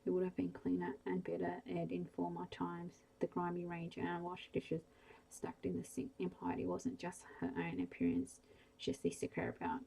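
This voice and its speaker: A woman reading a bedtime story aloud in a soft, hushed ASMR style, slow and gentle. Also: lowish voice, gravelly, slight background noise, low-quality recording.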